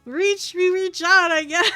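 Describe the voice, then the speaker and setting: A woman streamer plays and chats casually with her viewers, excitable and quick to laugh and swear. Her high voice sounds bright and sharp, and faint music plays in the background.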